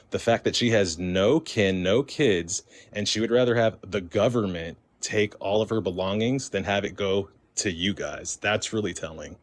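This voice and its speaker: A man's voice: low voice, fairly quick. Rambling man telling a ghost story. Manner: rambling, heavy with fillers and restarts, quotes himself and others. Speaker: caller sharing a paranormal experience. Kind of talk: casual spoken storytelling. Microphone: phone or stream mic.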